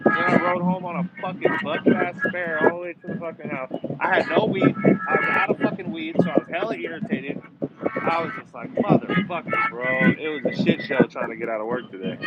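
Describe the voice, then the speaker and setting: A man's voice: a little high, very animated, brisk. A man telling a rambling, profane story in casual bar talk. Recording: muffled with loud background noise.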